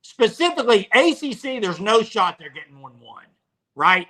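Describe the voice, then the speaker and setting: A man hosting a live sports talk show, relaxed and conversational, speaking to the chat. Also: high voice, normal speed. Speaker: host.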